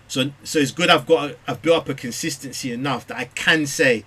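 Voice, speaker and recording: A man from England, a parent, telling a Bible study group about his children in a lively, animated way, acting out their voices. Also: medium pitch, a little fast, slightly rough. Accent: British English. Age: adult parent. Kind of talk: casual group discussion.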